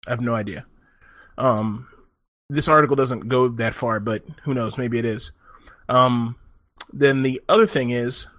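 A man telling a long story in a profane, animated way, often laughing as he talks in casual chat. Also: mid-range voice, no room sound, clean studio sound.

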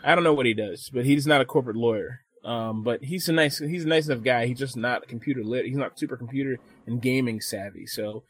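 A man co-hosting a casual podcast chat, swearing freely and telling animated stories. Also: mid-range voice, quick pace, few pauses. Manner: profane, animated storytelling with mimicked voices. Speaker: podcast co-host.

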